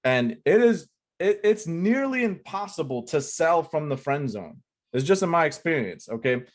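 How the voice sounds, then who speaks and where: A man's voice: on the high side, very animated, moderate pace. A man teaching an online sales lesson at a whiteboard, talking loosely with lots of "like" and "right?" and repeating key phrases for emphasis. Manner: loose and chatty, full of "like" and "right?" tags. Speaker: online marketing coach.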